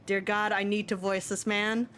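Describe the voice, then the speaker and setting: A woman's voice: mid-range voice, level tone, normal speed, over loud music. A woman streamer chatting casually, self-mocking and laughing often. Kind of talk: casual livestream chat.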